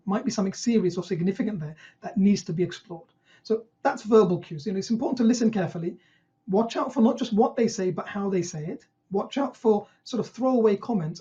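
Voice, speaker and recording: GP trainer, online teaching session, rhetorical questions, acts out patient lines, mid pitch, muffled lo-fi sound. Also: dark tone.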